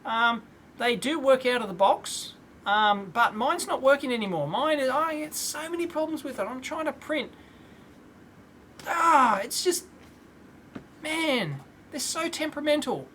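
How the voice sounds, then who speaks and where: A man in his thirties hosting a live electronics Q&A stream from a home workshop, casual and rambling, clearing his throat often. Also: extremely high pitch, lively intonation, a little slow, pauses often, sharp tone, a little hiss or hum. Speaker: electronics video host.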